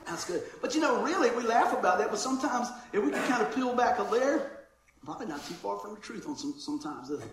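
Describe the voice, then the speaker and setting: A man's voice: sits high, lively intonation, fast, noisy background. A man preaching a sermon in a church, casual and chatty, calling listeners man and bro. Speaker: pastor. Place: church sanctuary. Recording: roomy church echo.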